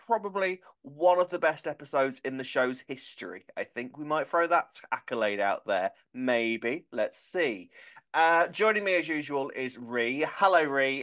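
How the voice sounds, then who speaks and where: A man hosting a casual podcast, chatty and excitable, often correcting himself mid-sentence. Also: mid-range voice. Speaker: podcast host.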